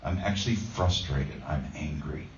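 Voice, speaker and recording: With an extremely low voice at a moderate pace, a man preaches conversationally as a pastor, sharing a self-deprecating story packed with fillers. Slight background noise accompanies the roomy, distant, dull recording.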